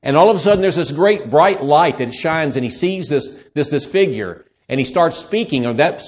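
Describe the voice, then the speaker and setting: A man preaching a sermon, explaining scripture in a lively way and acting out the voices of people in the story. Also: a little high, moderate pace. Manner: lively, acts out voices in Bible scenes. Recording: muffled lo-fi sermon recording.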